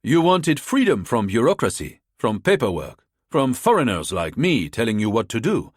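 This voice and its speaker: A man's voice: mid-range voice, big pitch swings, moderate pace, no room sound, clean studio sound. A man voicing a world-weary, amused French diplomat in an audiobook, speaking wryly.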